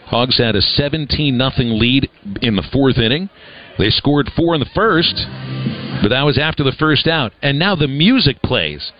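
A man calls a baseball game play-by-play at a brisk, conversational clip, with a dry sense of humor between pitches. His voice sits at an ordinary middle pitch. The broadcast audio sounds slightly dull. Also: expressive, soft background music. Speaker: play-by-play announcer. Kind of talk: live baseball play-by-play commentary.

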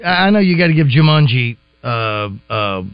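A man's voice: fairly high pitch, animated, moderate pace, clean tone, dry recording. A man co-hosting a sports radio show, joking and arguing playfully in casual banter. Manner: joking, keeps saying "listen", argues playfully. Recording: dull lo-fi radio broadcast.

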